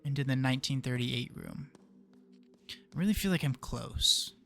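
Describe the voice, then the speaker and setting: A man's voice: medium pitch, normal speed, gravelly, fairly bright tone, soft background music. A young man casually commenting while playing a puzzle game, thinking aloud and muttering to himself. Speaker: gaming video creator. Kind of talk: casual let's play commentary.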